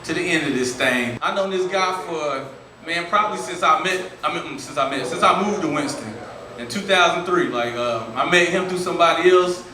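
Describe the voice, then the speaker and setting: A man's voice: a little high, brisk. A man emceeing a live comedy show, working the crowd in a hyped, friendly way before bringing on the headliner. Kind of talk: stand-up emcee patter. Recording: echoey room, distant mic, audience noise.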